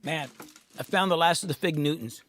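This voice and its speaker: Man producer, casual loose chatter from a home studio, talks while eating; relaxed stream host. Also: fairly high pitch, brisk, a little hiss or hum. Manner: talks with his mouth full, loose and rambling. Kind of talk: casual livestream chat.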